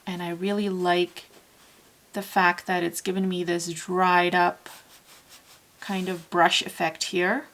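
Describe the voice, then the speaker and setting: Low, gravelly-voiced woman teaching painting. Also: rough recording. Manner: talks softly while painting, dropping to near-whispers; chatty and relaxed, with fillers and self-corrections. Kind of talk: casual painting tutorial.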